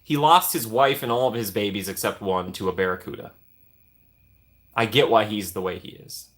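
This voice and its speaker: Bright-voiced man chatting on a stream. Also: fairly low pitch, moderate pace. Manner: chatty, reacting to viewer comments with playful teasing. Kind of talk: casual live-stream chat.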